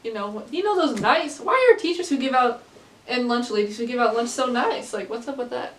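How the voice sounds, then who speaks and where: Casting: teen girl vlogger, slightly high voice, rambling and giggly, recorded far from the mic in a roomy space. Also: expressive, fairly quick, a bit bright. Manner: rambling, many fillers, laughs often. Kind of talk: casual storytelling to camera. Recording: echoey room, distant from mic.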